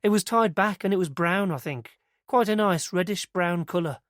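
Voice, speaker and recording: Here a man plays a young adult nursery worker from Britain, pushing his voice up into a woman's lowish register. He acts it lightly at a moderate pace, and her account of what she witnessed rambles and hesitates in an eager, nervous, chatty way, earnest yet uncertain. There's no echo, and the audio is studio quality.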